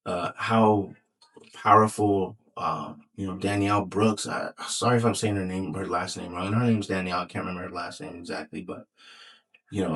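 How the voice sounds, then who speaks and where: A man's voice: low voice, a bit bright, poor audio. A man co-hosting a podcast in casual chat, rambling with lots of fillers and restarts and swearing freely. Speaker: podcast co-host.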